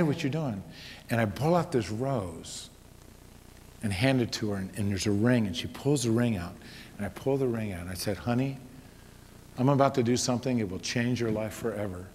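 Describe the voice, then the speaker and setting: A middle-aged man telling a personal story to an audience, his delivery swinging from loud exhortation to hushed, quiet tones. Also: fairly high pitch. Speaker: speaker. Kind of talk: storytelling talk. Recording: reverberant hall with faint noise.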